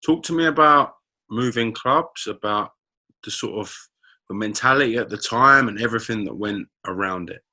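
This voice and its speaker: A male interviewer prompts his guest with open questions. His voice sits low, yet it has a bright, forceful edge. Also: moderate pace. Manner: steers the talk with open prompts.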